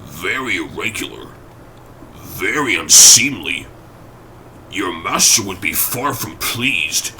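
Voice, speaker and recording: A man's voice: low-pitched, lively intonation, slow pace, bright, forceful tone, slight background noise, full character voice. A man voicing a stern, fussy middle-aged lawyer who talks in a peevish, clipped way.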